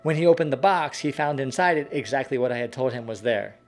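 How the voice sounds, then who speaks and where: A man calmly narrating a scripted personal story in a measured way. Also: mid-range voice, soft background music. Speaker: host.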